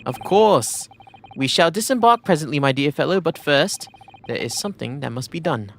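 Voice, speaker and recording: A man doing a flamboyant gentleman detective. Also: expressive, moderate pace, creaky, a little hiss or hum. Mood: grandiose. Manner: grandiose, flowery, swooping up high. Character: theatrical eccentric gentleman detective, male, flamboyant.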